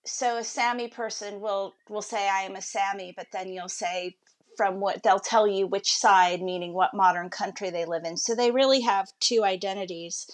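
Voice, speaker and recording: A woman's voice: mid-range voice, fairly even intonation, moderate pace. A woman, a guest on an interview podcast, telling her story in a chatty, reflective way. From United States.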